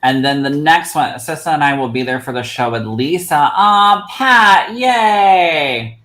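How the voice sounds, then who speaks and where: A man's voice: fairly high pitch, a little slow, reverberant, rough recording. A man hosting a live stream as a psychic medium, reading cards for viewers and calling them "my love". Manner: animated, affectionate, calls viewers "my love". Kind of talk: livestream card readings for viewers.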